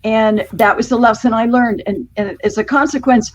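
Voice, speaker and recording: A woman's voice: a little high, steady tone, normal speed, dull audio. A woman guest on a video-call panel telling stories in a chatty way, laughing as she goes. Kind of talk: anecdotal chat.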